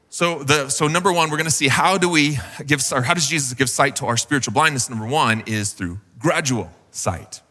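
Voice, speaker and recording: A male pastor preaches in a loose, conversational way, full of fillers and little acted-out quotes. His voice is bright and forward. It rings out in a hall with a long reverb. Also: medium pitch, fairly quick, few pauses. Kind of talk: sermon.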